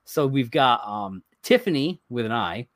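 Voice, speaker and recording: A man's voice: medium pitch, big pitch swings, measured pace, no room sound, clean studio sound. A man co-hosting a podcast, chatting casually as he reads items from a list, rambling and chuckling along the way. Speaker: podcast co-host. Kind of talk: casual chat.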